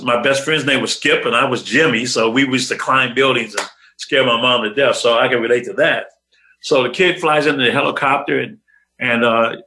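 Man, interview host, bright and sharp tone, casual recap. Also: mid-range voice, low-quality recording. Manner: recaps with many fillers and restarts. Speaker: show host. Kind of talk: interview talk.

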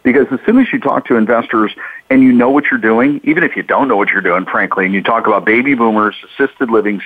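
A man's voice: medium pitch, husky, no echo. Man telling stories on thin radio audio. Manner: storytelling, acts out callers' lines. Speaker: co-host. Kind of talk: casual radio talk. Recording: dry, phone-like radio audio.

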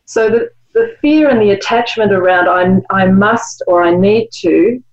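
A woman guest and author, explaining ideas in a measured, reflective way. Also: medium pitch, animated, lo-fi sound. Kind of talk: conversational interview.

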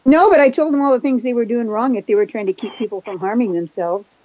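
A woman raised in Japan with Japanese as her first language, a therapist and hypnotist telling her story fast and self-assuredly as a radio guest. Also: a little high, a little mellow, dull audio. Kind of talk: casual chat on a radio show.

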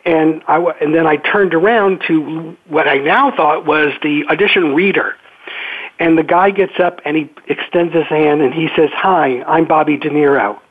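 An older man, an actor guest, telling a story on a call-in interview in a relaxed, halting way. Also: on the high side, breathy edge. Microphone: telephone. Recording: phone-line call-in.

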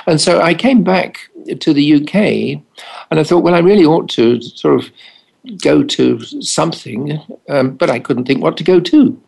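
A man's voice: on the high side, moderate pace, gravelly, a little mellow, husky, poor audio. An older English man, a family doctor, recounting anecdotes wryly in an interview and acting out the dialogue. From England. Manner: anecdotal, wry, acts out dialogue. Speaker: family doctor and addiction specialist. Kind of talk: storytelling in an interview.

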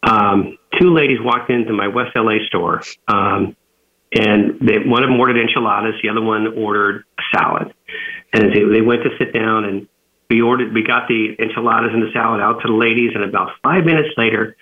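A man who is an author and businessman, telling a story as an interview guest, with many fillers and restarts. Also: lowish voice. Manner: rambling, frequent fillers and restarts. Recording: tinny phone-line audio.

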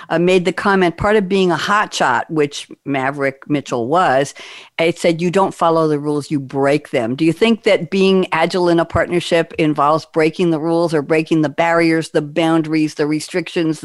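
A woman's voice: low-pitched, no echo, clean studio sound. Chatty woman hosting a panel. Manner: bubbly, chatty, laughs between questions. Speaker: panel host. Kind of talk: hosting a live online panel.

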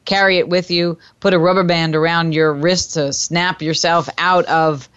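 A woman's voice: on the low side, steady tone, moderate pace, a bit bright, clear, resonant tone, dull audio. A woman hosting a self-help radio talk show, coaching a listener emphatically and repeating phrases in chant-like sequences. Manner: addresses listener tenderly as "my dear".

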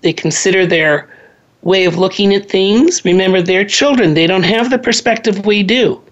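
A woman's voice: mid-range voice, moderate pace, lo-fi sound. Chatty woman in her sixties teaching parenting. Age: 60s. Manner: chatty, drifts into personal anecdotes and laughs at herself. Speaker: parenting talk host. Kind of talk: conversational lecture on parenting.

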